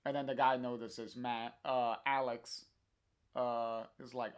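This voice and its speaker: Slow, hesitant man reading a comic. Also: mid-range voice, flat delivery, clean tone. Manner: hesitant, many fillers. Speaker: comic reader, streamer.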